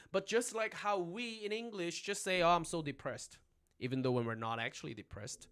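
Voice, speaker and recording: A young man teaching a casual livestream language lesson, chatty and animated, always checking in with his viewers. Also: a little high.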